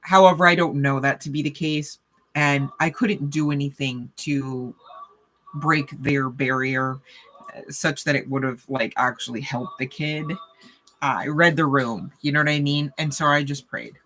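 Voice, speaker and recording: A woman's voice: sits low, steady tone, measured pace, a bit bright. A woman giving a casual spiritual reading, chatty and conversational, often checking in with the listener. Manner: chatty, full of "you know" and "okay?" check-ins. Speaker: tarot reader.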